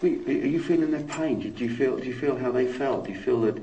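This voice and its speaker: A man's voice: medium pitch, fast, dark tone, far from the mic, highs cut off, a little hiss or hum. A man on a live ghost hunt who stammers, repeats words and swears. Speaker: paranormal investigator. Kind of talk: live paranormal investigation.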